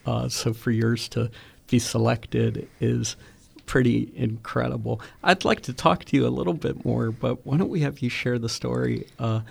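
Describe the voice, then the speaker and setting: A man's voice: mid-range voice, fairly even intonation, normal speed, creaky, breathy edge. A man hosting a casual interview, encouraging and praising his young guest. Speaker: interviewer host.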